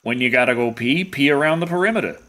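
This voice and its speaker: Animated, rambling male game streamer. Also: mid-range voice, fast. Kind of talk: casual gameplay commentary.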